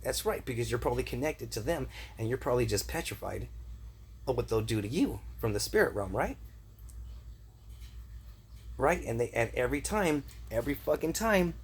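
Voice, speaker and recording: A man's voice: mid-range voice, slightly rough. A man delivering a rambling conspiracy rant, agitated and profane, repeating himself and throwing in rhetorical "right?" questions. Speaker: vlogger.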